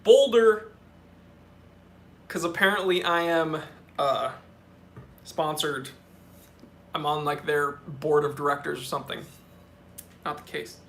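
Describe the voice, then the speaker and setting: Guy doing a live q&a stream, kinda high voice, jokey, lots of quick asides. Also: a little hiss or hum. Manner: joking, quick asides and self-corrections. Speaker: watch channel host. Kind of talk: live stream Q&A, reading viewer questions.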